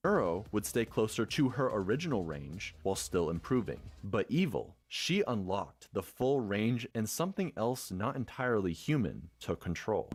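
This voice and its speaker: A man's voice: lowish voice, big pitch swings, moderate pace, few pauses, breathy edge. A man narrating a video essay from a script, with a dramatic storytelling delivery.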